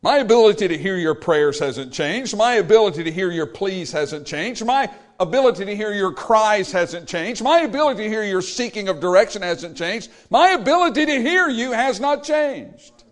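Male pastor, emphatic sermon delivery, voice pitched high and bright. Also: lively intonation, moderate pace, hardly any pauses. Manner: emphatic, repetitive preaching cadence.

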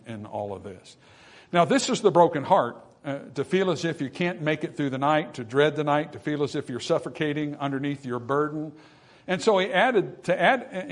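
A man delivering a sermon in a somewhat high voice. He repeats phrases for emphasis and checks in with his listeners, swinging between quiet, hushed passages and loud, emphatic preaching. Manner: repetitive, addresses audience with questions.

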